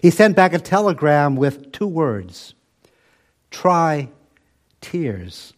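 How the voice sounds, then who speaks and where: Older guy preaching, a bit high-pitched, slow and emphatic, goes soft and low for effect. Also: lively intonation. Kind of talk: sermon.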